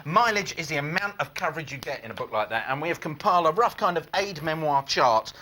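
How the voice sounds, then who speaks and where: A man's voice: a little high, animated, fast talker, bright, forceful tone, a little hiss or hum, low-quality recording. A British man presenting breakfast television, teasing his co-host with jokey banter and silly repeated catchphrases. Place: TV studio.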